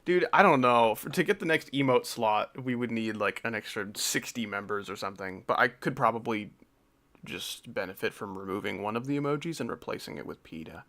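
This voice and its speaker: A young man chats casually and jokes on a live stream, rambling and sometimes drifting off into mumbles. His voice is lowish, pushed and bright, and a little fast.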